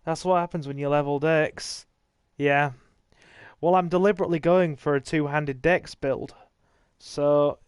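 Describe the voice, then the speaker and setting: A man's voice: on the high side, steady tone, unhurried, clean tone, no echo. A man, casually commentating a livestreamed game with dry, self-deprecating remarks to his chat, dry-mouthed from thirst. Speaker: gaming streamer.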